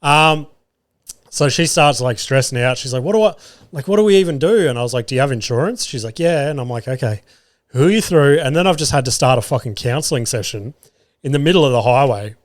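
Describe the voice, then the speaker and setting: A man's voice: medium pitch, a little fast, no echo, clean studio sound. An Australian man hosting a podcast and telling a rambling story in a casual monologue, swearing often. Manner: swears a lot, rambling and animated. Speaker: podcast host.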